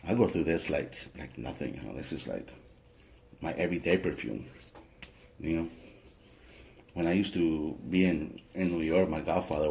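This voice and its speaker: A man's voice: very deep voice, moderate pace, creaky, long pauses, a little mellow. A man teaching a spiritual ritual in a casual, joking, chatty way, swearing now and then. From family from El Salvador. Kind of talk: casual spoken tutorial.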